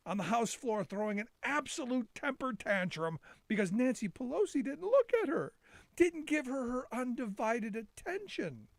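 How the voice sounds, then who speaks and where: A man's voice: high voice, dry recording. A middle-aged man hosting a live call-in talk show, rambling and sarcastic with many restarts.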